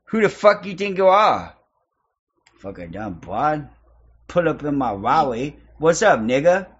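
A man's voice: a little high, sing-song, measured pace, slightly rough. A man hosting provocative video chats with strangers, talking in a taunting, mocking, crude way over lo-fi audio. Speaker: host of a video-chat prank stream. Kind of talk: provocative casual chat with strangers. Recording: lo-fi online video-chat audio.

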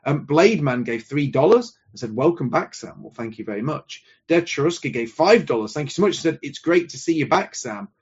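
Courteous male host reading donations, husky voice, muffled lo-fi audio. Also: on the high side, animated, brisk, few pauses. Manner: polite, courteous.

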